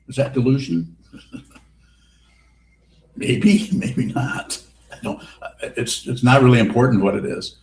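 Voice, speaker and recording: A man's voice: medium pitch, expressive, slow pace, vocal fry, pauses often, a little mellow. A man giving a Buddhist dharma talk and answering questions in a blunt, wry, teasing way. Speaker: Buddhist teacher. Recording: roomy hall with faint background hiss.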